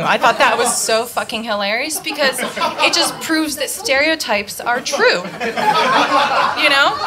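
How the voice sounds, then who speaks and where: Woman comic, US, slightly high voice, loose rambling delivery, laughs at own lines, live crowd audible. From Detroit, USA. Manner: casual, rambling, laughing at her own jokes. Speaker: stand-up comedian. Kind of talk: stand-up comedy set. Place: bar with live audience. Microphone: handheld mic. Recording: live club audience noise. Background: audience laughter.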